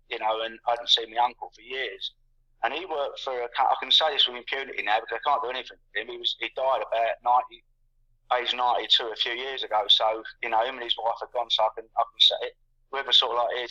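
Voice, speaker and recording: An older English man chats at length as a guest, circling back, doubling words and leaning on fillers. His tone is sharp and bright. The call audio is dull and lo-fi. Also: mid-range voice. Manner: rambling, repeats words, many fillers. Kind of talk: casual conversation.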